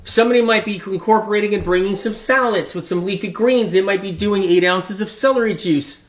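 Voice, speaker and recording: A man gives an informal health talk in a fairly high voice, hammering his points home by repeating them. He rambles a little and leans hard on emphasis. The room adds a noticeable echo. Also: a little fast, few pauses. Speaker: health speaker.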